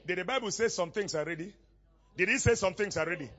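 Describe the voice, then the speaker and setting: A male pastor preaches a sermon, asking questions and letting the congregation call back missing words, frequently rising to shouts. His voice is high-pitched and he talks fast; the highs in the recording are cut off.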